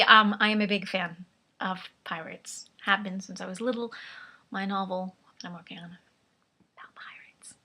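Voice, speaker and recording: A woman vlogs casually, rambling and chatty, often laughing at herself and using a vaguely British put-on accent. Her medium-pitched voice sounds pushed and bright.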